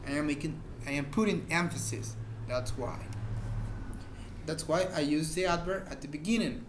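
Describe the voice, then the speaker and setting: High-voiced man teaching English slowly. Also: background noise. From Mexico. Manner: explains slowly with repeated examples, searches for words. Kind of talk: informal grammar lesson.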